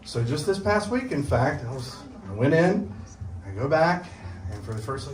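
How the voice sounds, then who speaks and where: A man's voice: on the high side, normal speed. A middle-aged man performing a live stand-up set at a small show, acting out quotes with voices. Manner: animated, acts out quotes with voices. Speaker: stand-up comedian. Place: small comedy show venue with audience. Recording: roomy venue audio from far off. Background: audience laughter and room noise.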